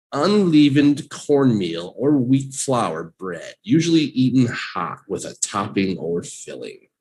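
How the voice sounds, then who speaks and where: Slow, lively man teaching vocabulary. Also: on the low side. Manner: slow and animated, drills words with repeat-after-me prompts. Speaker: English teacher. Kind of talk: live online vocabulary lesson.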